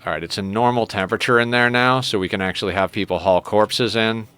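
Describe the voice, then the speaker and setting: A man's voice: on the low side, quick pace, fairly bright tone, clean tone, no room sound. A man streaming a game, chatting casually and joking with his viewers. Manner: chatty, joking, talks to chat and his cat. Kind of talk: casual live-stream chat while playing.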